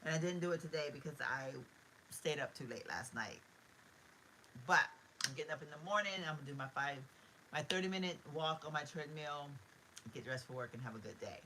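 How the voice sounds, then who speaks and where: A woman's voice: sits low, lively intonation, brisk, sharp tone, slight background noise, poor audio. A middle-aged woman, chatting live from her bedroom to viewers in a heartfelt, rambling way. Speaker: vlogger. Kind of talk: casual live-stream chat. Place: bedroom at home.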